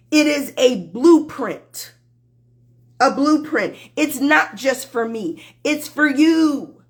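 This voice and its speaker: A woman minister preaches to her live-stream viewers in a slow, deliberate cadence. Her voice sits fairly high for a woman. She drives each point home with emphatic, repeated exhortations. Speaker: spiritual advice minister.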